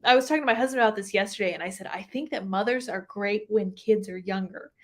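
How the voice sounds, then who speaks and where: A young woman as a podcast guest in casual chat, agreeing warmly and adding her own thoughts. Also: mid-range voice, fast. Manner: affirming, chatty listener who laughs along.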